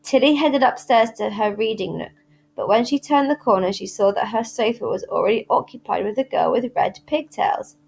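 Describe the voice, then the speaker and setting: A woman reading a children's novel aloud in clear, steady storytelling. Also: on the high side, normal speed. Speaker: reader at a school.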